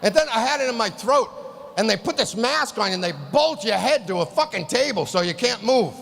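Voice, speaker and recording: Animated and brisk, this East Boston stand-up tears into his material with profane frustration. His bright, gravelly, high-pitched voice hurls punchlines into a reverberant live venue, where faint room noise lingers underneath.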